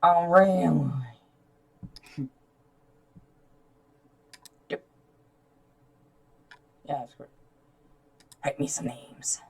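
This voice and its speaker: A man's voice: fairly high pitch, extremely slow, gravelly, pauses often, dark tone. A man co-hosting a casual chat, joking, teasing and laughing often. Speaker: co-host.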